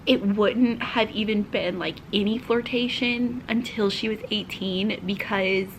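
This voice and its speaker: A woman's voice: mid-range voice, steady tone, measured pace, a little hiss or hum, rough recording. A young woman vlogger chatting casually and gushingly about a book she is reading, sometimes dropping into half-whispered asides. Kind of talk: casual reading-vlog chat.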